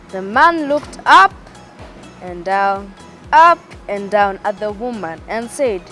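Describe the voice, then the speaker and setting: A woman telling a Bible story to children in an expressive, animated way. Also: mid-range voice, slow, soft background music.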